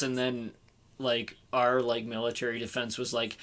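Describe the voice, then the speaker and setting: Bright male podcast co-host, rambles loosely, swears often. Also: mid-range voice, fairly even intonation, moderate pace. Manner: rambling, swears freely, lots of "like". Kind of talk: casual podcast chat.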